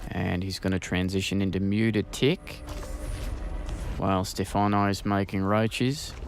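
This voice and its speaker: A man casting a game in a soft, hushed commentary voice. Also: sits low, fairly even intonation, a little slow, a little hiss or hum. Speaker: game caster. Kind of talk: quiet esports commentary.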